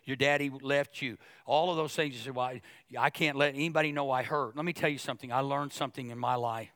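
A middle-aged male pastor preaching a sermon, animated and jokey, acting out other people's voices as he goes. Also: mid-range voice, fast, dry recording, clean studio sound.

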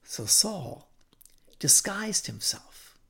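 A man teaching a scripture story dramatically, shifting between loud emphasis and hushed whispers. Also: sits high, sing-song, drawn-out words, gravelly. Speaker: Bible teacher.

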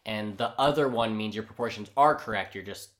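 A man co-hosting a podcast in casual chat, retelling a comic book's scenes with animated asides and acted-out lines. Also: lowish voice, fairly quick. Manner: animated storyteller who acts out characters' lines. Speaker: podcast co-host.

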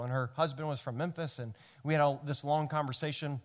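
Tennessee-accented male pastor, earnest sermon delivery, slightly high voice, long hall reverb. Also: fairly quick. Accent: Tennessee Southern. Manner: earnest, animated, rising to emphatic peaks with frequent restarts. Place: church sanctuary.

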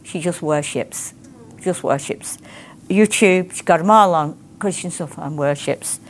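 A middle-aged woman speaks in a fairly low voice. She tells her testimony and prays in a rambling, heartfelt, emphatic way. A faint hum of background noise sits under her voice. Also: measured pace. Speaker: ministry teacher. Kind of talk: testimony and prayer.

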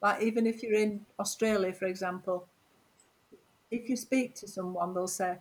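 A woman's voice: medium pitch, steady tone, moderate pace, low-quality recording. Chatty Yorkshire woman asking questions. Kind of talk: casual radio chat.

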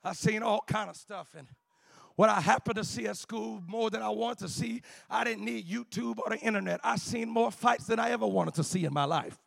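Preaching a sermon, a man uses a chanted, shouting cadence, saying "uh" before each phrase and occasionally dropping to quiet storytelling. His voice sits high with vocal fry, he speaks a little fast, and there's no echo.

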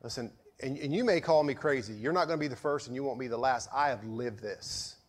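A male pastor preaching a sermon in a storytelling manner, with a touch of sarcasm, moving from loud to hushed. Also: mid-range voice, quick pace.

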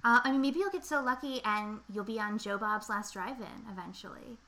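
A woman's voice: a little high, a little fast, crowd noise. A woman hosting a casual podcast interview, leading the questions in a friendly way. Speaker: podcast host.

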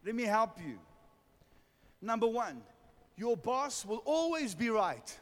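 Man, preaching, humorous storytelling, high voice, reverberant hall. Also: very animated, slow pace. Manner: storytelling, humorous, calls for amens. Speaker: pastor. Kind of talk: sermon.

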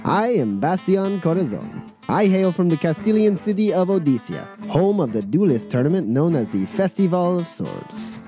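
A man's voice: sits high, big pitch swings, moderate pace, hardly any pauses, warm tone, soft background music, pitched above the performer's own voice. A man playing a proud veteran swordsman. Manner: grand, declaiming introduction. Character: proud seasoned male swordsman duelist. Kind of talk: scripted character introduction.

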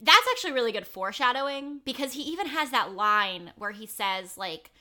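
A woman's voice: fairly high pitch, animated, a little fast, sharp tone. A woman co-hosting a podcast in casual, frank chat. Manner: frank, chatty, swears casually. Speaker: podcast co-host.

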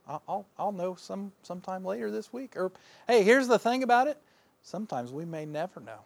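Folksy man preaching, self-mocking, higher voice. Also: vocal fry. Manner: folksy, self-deprecating, laughs often; swings between loud bursts and quiet asides. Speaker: pastor. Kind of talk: sermon.

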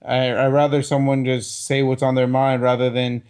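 A man's voice: medium pitch, flat delivery, moderate pace, a little mellow, clear, resonant tone. A man co-hosting a casual podcast, talking loosely with lots of fillers and profanity. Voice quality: loose, rambling speech full of fillers and profanity. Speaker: podcast co-host. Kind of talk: casual chat.

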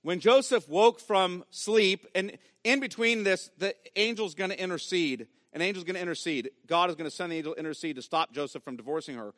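A man's voice: high voice, brisk, hardly any pauses, fairly bright tone, dry recording, clean studio sound. A man preaching a sermon as pastor, emphatic and repeating key phrases for weight.

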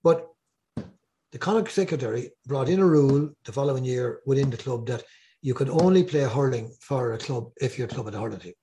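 Older irish guy chatting on a podcast, warm low tone, animated tales. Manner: rambling, animated anecdotes with repeated words. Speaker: guest. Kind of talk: casual podcast storytelling.

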